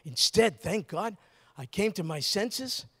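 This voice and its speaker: An older man preaching a sermon, his voice pitched a little high as he talks to the congregation like a friend. He tells stories, asks rhetorical questions, and swings between lively emphasis and quiet asides. A long reverb hangs after his words. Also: slow, husky. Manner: conversational, animated storytelling with rhetorical questions. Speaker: pastor.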